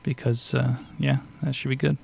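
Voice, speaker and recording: A man's voice: mid-range voice, flat delivery, normal speed, gravelly, a little mellow, breathy edge, dry recording. A man chatting casually as a podcast guest, rambling and self-mocking with a stuffy nose. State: stuffy-nosed. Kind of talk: casual chat.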